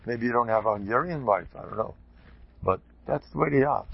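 A man, a rabbi, giving an informal talk to a group, an animated, joking storyteller who sprinkles in Yiddish and Hebrew terms. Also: fairly low pitch, brisk, creaky, husky, muffled recording.

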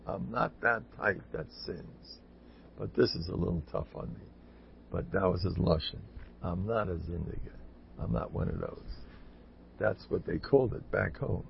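An older man giving an informal, rambling Torah talk full of stories, repeating himself and breaking into loud, high-pitched exhortations. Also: normal speed, creaky, slight background noise. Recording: dull lo-fi recording.

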